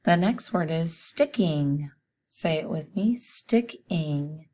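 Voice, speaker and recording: Slow, patient woman teaching spelling. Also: deep voice, expressive, a little mellow. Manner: slow, patient, sounds out letters one by one. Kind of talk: spelling lesson for children.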